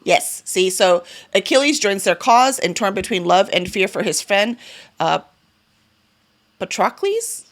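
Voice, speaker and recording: At a normal speed and in a mid-range voice, a woman runs through the books she means to read in a casual reading-goals vlog. As a book vlogger and publisher, she comes across chatty and keen, with fillers and small corrections of herself.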